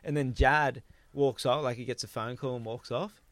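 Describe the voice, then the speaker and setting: This podcast host is an Australian man in his thirties with a mid-range voice, talking at normal speed with no room sound. Animated and quick to laugh, he spins a casual tale and performs his friends' lines.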